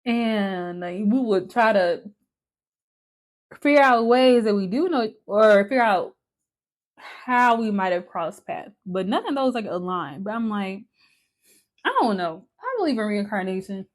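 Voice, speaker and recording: A woman's voice: medium pitch, expressive, unhurried. A young woman chatting candidly to the camera while patting on makeup, swearing casually and using lots of "like.". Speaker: vlogger.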